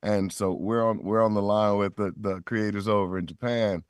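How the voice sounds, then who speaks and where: Smooth and on the low side, a middle-aged voice actor's voice keeps fairly even intonation at a moderate pace. He's telling stories in a podcast interview, acting out quoted voices with animation, on a dry recording.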